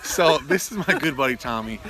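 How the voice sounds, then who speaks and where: A man's voice: mid-range voice, animated, fairly quick, sharp tone. A man in his thirties vlogging casually outdoors, chatting with his animals, his viewers and friends. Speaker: homesteading vlogger. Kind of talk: casual vlog chat. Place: outdoors at a farm gathering. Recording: outdoor noise in the background.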